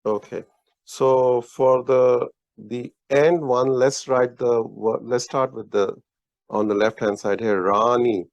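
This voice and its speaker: A man teaching a casual one-on-one Urdu lesson speaks at medium pitch with fairly even intonation and a darkish tone. His explanations are slow and patient, full of restarts and praise. The audio is dull and lo-fi, with no room sound.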